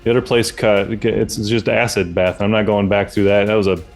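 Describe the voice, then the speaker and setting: Role: a player doing a grumpy, swearing adventurer, slightly low voice, close to his own. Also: steady tone, fairly quick, faint music behind, natural voice. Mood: grumbling. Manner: gruff, sarcastic, swears. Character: grumpy, blunt male adventurer, wounded.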